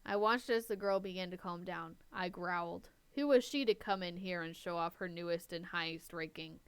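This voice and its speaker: A woman's voice: fairly low pitch, moderate pace, smooth, no room sound. A young woman hosting a casual story reading, reading the text aloud and breaking off to laugh and chat about it. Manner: chatty, laughs between lines.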